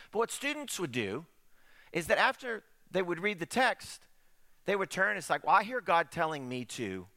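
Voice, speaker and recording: A middle-aged man delivers a sermon in a bright, high voice. He talks to the congregation in a conversational way and asks them rhetorical questions. His pitch swings widely as he speaks. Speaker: pastor.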